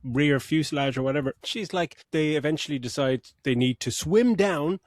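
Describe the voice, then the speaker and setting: Middle-aged male podcast co-host, higher-pitched, profane, laughing through his rants; dry, close recording. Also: normal speed, no echo. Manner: sweary, ranting, laughs mid-sentence. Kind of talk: casual movie review chat.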